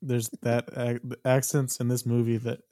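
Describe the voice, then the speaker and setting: A man's voice: mid-range voice, completely flat delivery, moderate pace, dark tone, no room sound, clean studio sound. A man from Ohio co-hosting a film podcast with easygoing, joking banter. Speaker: podcast co-host. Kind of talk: casual podcast chat.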